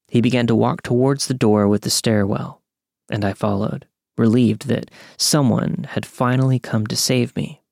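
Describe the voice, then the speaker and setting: A young man calmly narrating a true scary story from a script. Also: medium pitch, vocal fry, no echo, studio quality. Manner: calm, measured storytelling.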